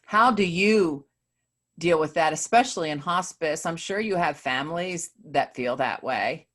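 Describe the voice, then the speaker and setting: Woman host, deep-voiced, reflective and halting in her questions. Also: fairly bright tone. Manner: searching, halting, many restarts when asking. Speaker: podcast host. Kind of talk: conversational interview.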